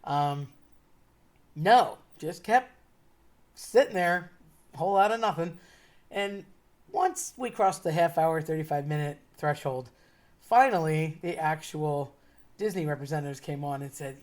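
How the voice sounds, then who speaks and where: A woman's voice: deep voice, animated, measured pace, pauses often, darkish tone. A woman telling a casual personal anecdote in a chatty way, laughing now and then as she talks. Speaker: storyteller.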